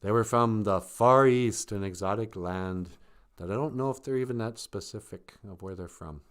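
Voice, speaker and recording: A man's voice: lowish voice, moderate pace, fairly bright tone, smooth. A man casually retelling a story on a live stream, joking and chuckling.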